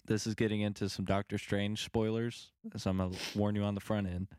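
Man, fairly low voice, hesitant, dry recording. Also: flat delivery, brisk, darkish tone, no echo. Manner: hesitant, searching for words. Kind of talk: casual film discussion.

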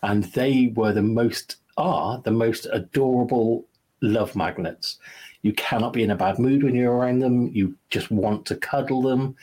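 A man's voice: medium pitch, measured pace, a little mellow. A man co-hosting a podcast, gushing in casual chat with lots of restarts. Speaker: podcast co-host.

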